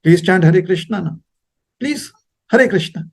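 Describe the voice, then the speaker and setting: A man's voice: high voice, animated, a little slow, breathy edge, full character voice. A man acting out a devout man who keeps pleading and calling out a name. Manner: insistent, shouting out a name.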